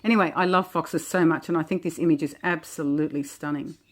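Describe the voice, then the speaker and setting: A woman with a slightly low voice talks through cards one by one in a gentle, reflective way. She muses aloud, chatty and unhurried, as if sharing with a friend. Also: fairly even intonation, slight background noise. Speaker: oracle deck creator. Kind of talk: casual walk-through of oracle cards.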